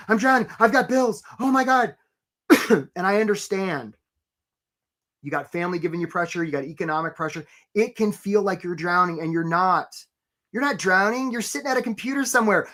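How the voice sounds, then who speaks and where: A man coaching job seekers on a live webinar, animated and casual, often stopping to greet attendees by name. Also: high-pitched. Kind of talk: energetic live webinar talk.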